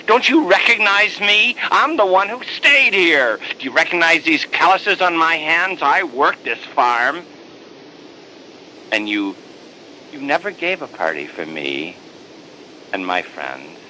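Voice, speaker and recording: A priest doing an indignant resentful older brother. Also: male voice, a little high, sing-song, slow, bright, forceful tone, a little hiss or hum, exaggerated voice, poor audio. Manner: indignant, pleading, raised voice. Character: older brother, young man, bitter and resentful.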